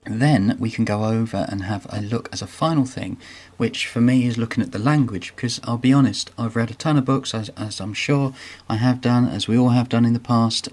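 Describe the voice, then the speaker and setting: A middle-aged man hosting a casual screen-share walkthrough, talking chattily and with enthusiasm, with frequent ums and restarts. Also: medium pitch. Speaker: video host.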